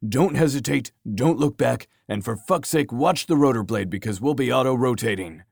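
A man voicing a commanding male helicopter pilot, yelling orders over the noise in an audiobook. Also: medium pitch, moderate pace, creaky, no echo, studio quality, voice pushed up. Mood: urgent commanding.

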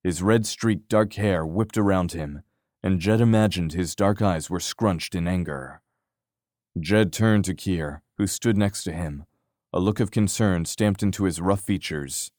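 Man, audiobook narrator, steady storytelling, very low voice, dry recording. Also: unhurried, no echo. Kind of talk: scripted narration.

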